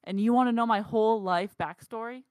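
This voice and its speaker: A woman's voice: on the high side, brisk, a little mellow, dry recording. A woman who works as a barista, co-hosting a casual podcast and venting frankly. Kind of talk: casual chat.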